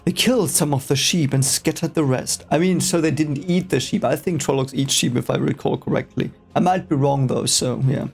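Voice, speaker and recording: A man's voice: a little high, moderate pace, vocal fry, hardly any pauses, a little mellow, slightly rough, faint music behind. A man whose first language is German, casually reading a book aloud for the first time and reacting with rambling, hesitant, exasperated asides.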